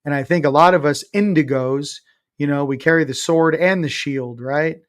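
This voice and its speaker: A man's voice: a little high, normal speed. A man in his forties, a guest in an interview, talking in a blunt, emphatic, sarcastic way, swearing casually. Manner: sarcastic, self-mocking. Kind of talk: casual spiritual interview talk.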